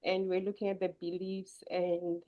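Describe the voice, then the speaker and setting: A woman's voice: lowish voice, flat delivery, moderate pace. A woman coach at an online book club, upbeat, explaining her work. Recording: dull lo-fi call audio.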